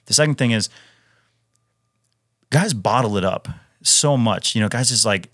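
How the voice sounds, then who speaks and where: This retired Navy SEAL, a Wisconsin man in his thirties, guests on a podcast and tells stories casually in a medium-pitched, expressive voice at a measured pace. His tone is fairly bright; he's emphatic, full of fillers and restarts, and says "dude" often. Studio quality, no echo.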